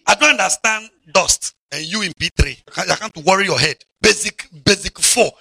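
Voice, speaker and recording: Male preacher, animated and mocking, gravelly bright tone. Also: sits high, moderate pace, hardly any pauses, no room sound. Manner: animated, mocking, shouts and drawls for emphasis. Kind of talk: lively sermon to children.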